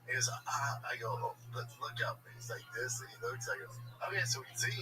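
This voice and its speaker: A man's voice: mid-range voice, fast talker. A man guesting on a podcast in casual chat, telling stories and acting out the voices of others. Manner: animated storyteller acting out dialogue. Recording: distant mic with music behind.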